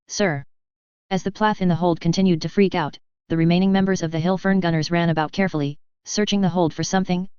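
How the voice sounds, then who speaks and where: A woman narrating a science fiction story in a steady, even reading. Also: lowish voice, clean tone, dry recording. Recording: slightly dull close recording.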